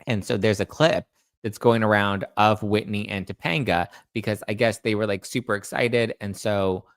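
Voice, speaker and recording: A man's voice: fairly low pitch, fairly even intonation, normal speed, no room sound. A man hosting a celebrity gossip show, chatting casually in a rambling way and reading out viewer comments. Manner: rambling, chatty, restarts and self-corrects. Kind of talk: casual chat.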